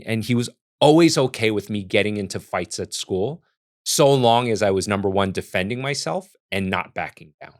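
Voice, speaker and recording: A man's voice: lowish voice, lively intonation, moderate pace. A man hosting a reaction video, talking in an earnest, reflective and casual way with frequent restarts. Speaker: chef and reaction video host.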